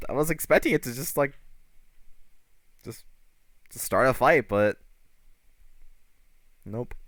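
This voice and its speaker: A man's voice: medium pitch, fairly bright tone. A young man streaming a game, casual and self-mocking, laughing often and swearing. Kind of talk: casual gameplay commentary.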